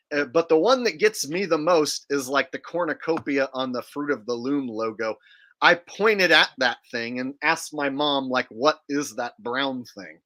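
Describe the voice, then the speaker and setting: A man hosting a casual open panel chat over a video call, telling stories and acting out movie quotes with energy. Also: mid-range voice. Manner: animated storyteller, acts out quotes. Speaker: host.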